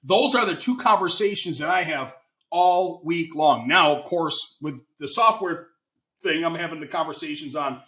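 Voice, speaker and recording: A man's voice: on the high side, normal speed, pushed and bright. Enthusiastic American man, roomy sound. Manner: enthusiastic, chatty, salesy. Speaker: guest, financing consultant. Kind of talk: casual interview chat.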